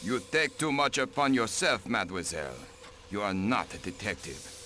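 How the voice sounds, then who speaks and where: An actor playing a haughty aristocratic count in a video game, stiff and dismissive. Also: male voice, lowish voice, sing-song, normal speed, pushed and bright, slight background noise. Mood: cold.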